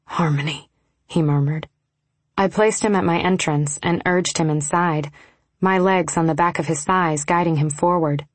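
A young adult woman narrating a first-person romance audiobook in a soft, intimate reading style, slipping into whispers for dialogue. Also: lowish voice, fairly even intonation, normal speed, dry recording.

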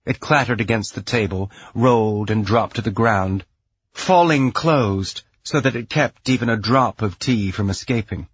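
A man narrating a science fiction audiobook in a measured, even storytelling voice. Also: lowish voice, husky, lo-fi sound. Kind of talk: scripted narration.

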